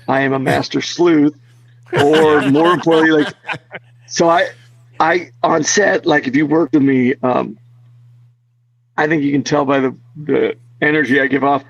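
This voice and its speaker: A man's voice: on the high side, steady tone, unhurried, creaky, long pauses. A man being interviewed as a guest, telling restless, rambling stories in casual chat with lots of fillers. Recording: dull, lo-fi, dry sound.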